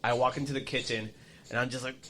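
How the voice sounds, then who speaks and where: A man telling a story in a casual chat, profane and animated, acting out the voices of people he quotes. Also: medium pitch, fast talker, crowd noise. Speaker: podcast co-host.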